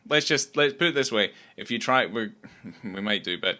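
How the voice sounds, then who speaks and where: A man's voice: lowish voice, animated, moderate pace, sharp tone. A man co-hosting a podcast, talking casually and rambling about a film, swearing often. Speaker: podcast co-host.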